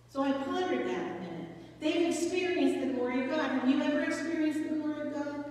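A woman in her forties preaches in a church, her voice fairly high. She tells stories casually and keeps asking the listeners questions. The sound is echoey and comes from some distance across a large hall. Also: lively intonation, a little fast, a little mellow. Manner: conversational storytelling, asks the congregation questions. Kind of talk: sermon. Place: church sanctuary.

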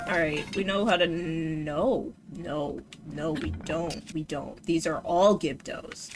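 Game music plays behind a woman's low-pitched, steady voice as she streams a game, talking slowly with hardly any pauses. Her casual commentary shifts among mock panic, swearing and sarcastic cheer.

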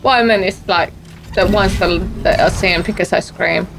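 A woman's voice: lowish voice, moderate pace, vocal fry, noisy background. A young woman chatting casually beside a gaming host, playful and blunt. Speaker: co-player watching the game. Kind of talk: casual chat.

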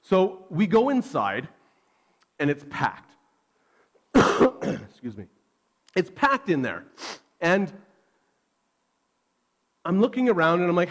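A man, preaching a sermon and telling a self-deprecating personal story with animated energy. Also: fairly high pitch, takes it slowly, long pauses. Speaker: pastor.

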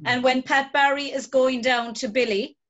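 A woman's voice: sits high, steady tone, moderate pace, fairly bright tone, highs cut off. A woman with an Irish accent hosting an interview over a video call, asking questions in a friendly, conversational way. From Ireland. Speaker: host.

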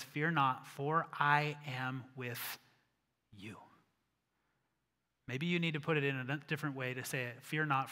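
A male pastor preaching a sermon, telling the story with animated acted-out voices and dropping to a hushed voice for emphasis. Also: mid-range voice. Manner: animated storytelling, acts out disciples, drops to a hush for emphasis. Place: church sanctuary. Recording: church hall reverb.

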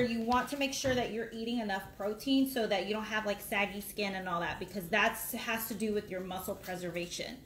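A middle-aged woman, a cooking vlogger with a slightly high, bright voice, chats casually during a live session in her home kitchen, rambling between steps. The room is echoey with faint noise.

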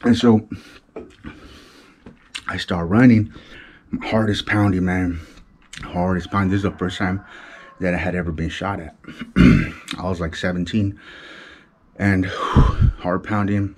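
Slow-paced with long pauses, this low-pitched, steady male voice comes through over a little hiss or hum. A middle-aged LA vlogger with a Chicano accent, he relates a street story in slang, mouths gunshot effects, and talks softly so his wife won't wake up.

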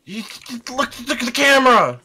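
A man joking around as a co-player in a gaming session, teasing and quick with gags. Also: extremely high pitch, very animated, pushed and bright, slightly rough. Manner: teasing, playful, quick with jokes. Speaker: co-player and friend.

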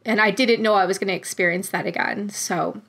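Young adult woman vlogger, mid pitch, casual and heartfelt, rambling with fillers. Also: steady tone, fairly quick, vocal fry, a bit bright, husky. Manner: heartfelt, chatty, many fillers. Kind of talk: casual storytelling vlog.

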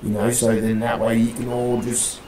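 A man's voice: mid-range voice, level tone, normal speed, echoey room, a crowd in the background, rough recording. A man playing a gang leader in a roleplay, rambling, swearing constantly and calling everyone mate. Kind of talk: in-character roleplay chat.

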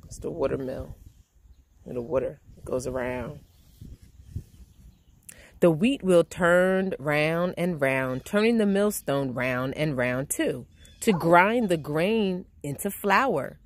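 Low-voiced woman reading a picture book. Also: dry recording. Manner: gentle, slow, expressive storytelling. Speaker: children's read-aloud host. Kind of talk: picture book read-aloud.

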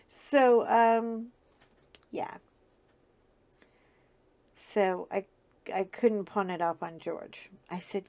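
A woman's voice: a little high, slow pace, vocal fry, pauses often, darkish tone. A woman host telling a story in a casual chat, chatty and often laughing.

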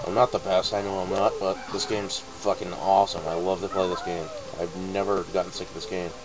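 A man's voice: low voice, flat delivery, fairly quick, rough recording. A man giving casual, profane, joking let's play commentary. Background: game music.

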